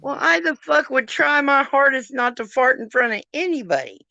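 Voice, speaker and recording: A woman's voice: sits high, lively intonation, normal speed, creaky, sharp tone, no echo, muffled recording. A middle-aged woman hosting a podcast, chatting casually in a sarcastic, swearing storytelling manner. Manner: sarcastic, swearing, laughs while telling stories. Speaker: podcast host. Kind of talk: casual chat.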